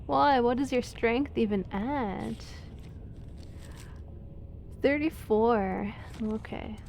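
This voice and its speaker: A woman's voice: on the high side, extremely slow, gravelly, a little mellow, a little hiss or hum. A young woman streamer chatting casually over gameplay, giggly and self-deprecating.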